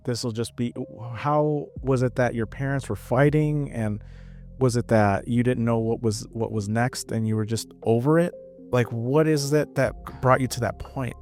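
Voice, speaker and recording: A man hosting a casual interview podcast, asking gentle, probing follow-up questions. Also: mid-range voice, steady tone, unhurried, soft background music. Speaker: podcast host.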